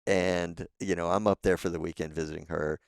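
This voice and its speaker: A man with a low, gravelly voice that stays smooth and resonant, spinning casual, salty stories as a podcast guest. He sounds relaxed and laughs easily. The sound is dry and close on a studio mic. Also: a little fast, no echo. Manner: relaxed, profane, laughs often. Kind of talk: casual storytelling.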